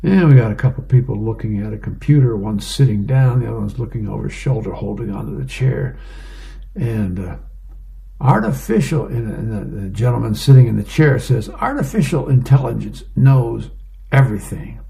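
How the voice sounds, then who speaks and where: Man, casual read-aloud of comics, gravelly, mellow tone, fillers between panels. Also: lowish voice, animated, brisk. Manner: plain reading with fillers, describing panels. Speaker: reader of advice columns and comics.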